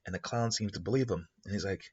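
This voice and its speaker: Brief: male host, improvised storytelling, rambling delivery; husky, low voice. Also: fast talker, a little mellow, highs cut off. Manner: rambling, many fillers and restarts.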